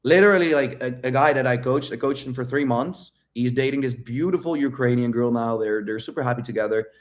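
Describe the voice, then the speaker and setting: Brash dude dating coach on a livestream, swears a lot, laughs a lot, normal mid voice. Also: male voice, mid-range voice, a little fast. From outside the United States. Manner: brash, profane, laughs often. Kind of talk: casual livestream Q&A.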